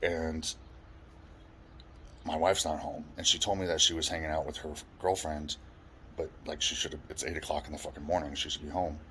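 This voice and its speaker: Very deep-voiced man, blunt and profane. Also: fairly even intonation, brisk, bright, forceful tone, a little hiss or hum. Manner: blunt, swears often. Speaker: storyteller recounting his life. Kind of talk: personal life story monologue.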